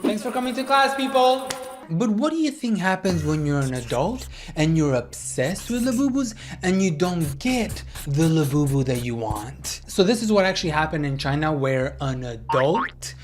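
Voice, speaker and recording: A video creator giving casual, sarcastic reaction commentary with quick mocking asides. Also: mid-range voice, very animated.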